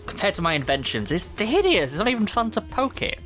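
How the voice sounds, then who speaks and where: A man with a Manchester accent voicing a bratty young female villain inventor in a game, reading her lines in a sneering, high voice. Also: big pitch swings, quick pace, fairly bright tone, faint music behind. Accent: Mancunian.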